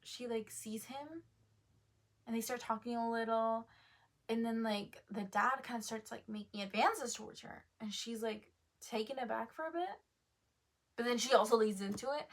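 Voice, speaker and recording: Chatty rambling woman, higher voice. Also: normal speed. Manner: rambling, full of "like" and "um", corrects herself. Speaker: book reviewer. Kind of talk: casual book review chat.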